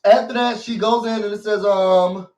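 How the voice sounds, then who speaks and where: A man's voice: high voice, steady tone, moderate pace, darkish tone, distant mic, highs cut off. A man hosting a casual recap vlog, talking to his viewers in a sassy, theatrical way. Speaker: show recap host.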